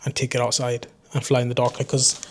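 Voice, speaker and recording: Here the young Geordie drone vlogger, his accent edging toward southern English, chats to camera off the cuff with slight background noise behind him. His mid-range voice barely moves in pitch as he talks fast, wandering loosely and making fun of himself.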